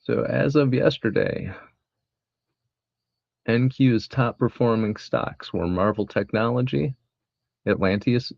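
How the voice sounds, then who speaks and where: Deep gravelly trader guy on a live stream, dry dull mic, reads news with snarky asides. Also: lively intonation, takes it slowly, long pauses, no room sound. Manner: rambling, wry, reads headlines aloud with asides. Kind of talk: casual live-stream commentary.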